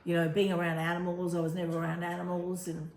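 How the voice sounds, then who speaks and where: A woman co-hosting a relaxed talk, her voice sitting slightly low. She rambles warmly through her thoughts and laughs easily. The recording is roomy with a faint hiss. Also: fast. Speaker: co-host. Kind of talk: casual chat. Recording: echoey room with faint noise.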